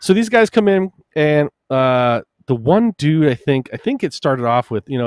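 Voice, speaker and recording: A man chatting on a casual podcast, his pitch jumping around as he tells a story with lots of energy. He swears casually, and the recording is dry and close, with little room sound. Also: big pitch swings, moderate pace, a little mellow, clean tone, dry recording. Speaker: podcast co-host, shop owner.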